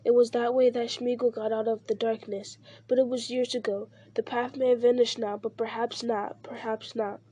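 A woman's voice: fairly high pitch, little pitch movement, mellow, slightly rough. A woman reading aloud and voicing a wretched, sly male creature who hisses and wheedles. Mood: whispering. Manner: hissing, wheedling, slow.

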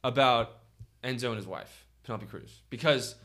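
A man co-hosting a podcast, talking about films in casual chat, blunt and sarcastic, quick to push back. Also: mid-range voice, a bit bright. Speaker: podcast co-host. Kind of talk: casual film discussion.

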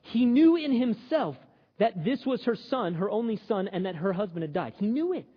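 A man preaching with a high, very lively voice that leaps up and down as he jokes and talks to the crowd. His tone is a little husky, and the sound is muffled, with a long reverb tail from a large hall. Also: moderate pace. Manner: animated, joking, conversational preaching. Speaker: pastor. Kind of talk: sermon.

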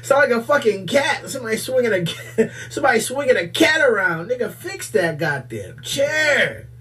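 Dude reacting to a clip, clowning on it, high bright voice jumping all over, kinda far from the mic. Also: male voice, sing-song, moderate pace. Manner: mocking, laughing asides. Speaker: reaction video host. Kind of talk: casual reaction commentary.

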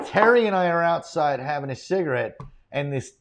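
A man, a comedian guest telling animated, profane stories in casual chat. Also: fairly high pitch, a little fast. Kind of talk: casual storytelling.

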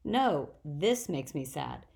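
Earnest young satyr, wistful, low gravelly voice, a woman reading him. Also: big pitch swings, slow pace, darkish tone, heavily acted. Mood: sad. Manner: pleading, wistful, indignant at humans. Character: earnest young male satyr, gentle and troubled.

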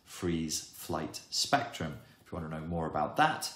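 A man who explains psychology topics in an emphatic, wry monologue with dramatic pauses. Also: very deep voice, animated, a bit bright. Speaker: self-help educator. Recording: echoey room.

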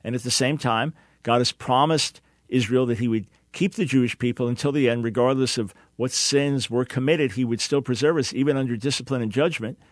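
A man's voice: medium pitch, no echo, studio quality. Earnest man hosting call-in radio. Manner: earnest, emphatic, repeats words when starting sentences. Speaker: radio talk show host.

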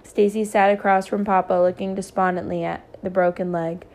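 A woman reading a novel aloud in a steady, even manner. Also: mid-range voice, a little fast. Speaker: reader.

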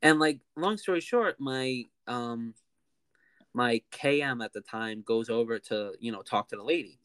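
Animated young man telling a story. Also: medium pitch, measured pace, clear, resonant tone, no echo. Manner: animated, heavy use of "like". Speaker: podcast host. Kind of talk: casual storytelling.

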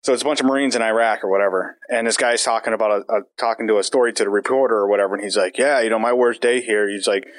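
A man's voice: fairly low pitch, fairly even intonation, very fast, few pauses, no room sound. A man in his thirties hosting a podcast, casual chat with crude jokes and frequent laughs. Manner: laughs often, crude joking. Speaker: podcast host.

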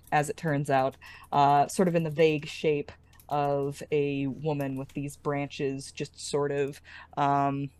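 A woman's voice: low voice, a little mellow, clear, resonant tone, no echo. A woman narrating as game master, rambling and hesitant with many fillers.

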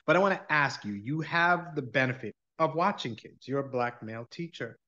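A man's voice: mid-range voice, lively intonation, moderate pace, sharp tone. Rambling male podcast host, muffled. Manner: rambling, restarts questions mid-sentence. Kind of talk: casual interview questions.

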